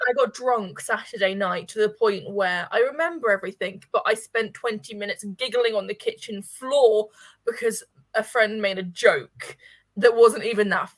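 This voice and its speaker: A woman chatting with friends on a voice call, telling a story in a giggly, animated way. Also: mid-range voice, no room sound. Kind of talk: casual chat on a group call.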